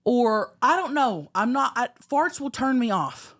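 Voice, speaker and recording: A woman co-hosting a casual comedy podcast, telling bawdy stories with animated, stammering restarts. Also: a little high, a little slow, no room sound, studio quality. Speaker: podcast co-host.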